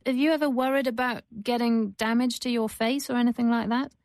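A woman presenting and narrating a radio documentary, measured and composed as she asks questions. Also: fairly high pitch, steady tone, darkish tone, no echo.

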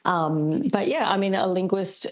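An Australian woman, a linguist guest, explaining things thoughtfully on a radio interview, pausing often with ums. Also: fairly low pitch, steady tone, lo-fi sound. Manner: thoughtful, hesitant with many ums.

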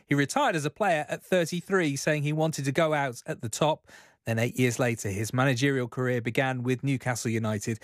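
A man presenting a sports news programme, reading a scripted tribute in a measured, sombre way. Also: medium pitch, dry recording, studio quality.

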